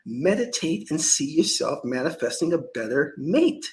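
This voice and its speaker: Male priest, spiritual talk, preachy and emphatic, pitch swinging all over. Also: very animated, moderate pace, hardly any pauses, low-quality recording. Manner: emphatic, preachy, lots of restarts. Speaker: Kemetic priest. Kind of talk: spiritual lecture monologue.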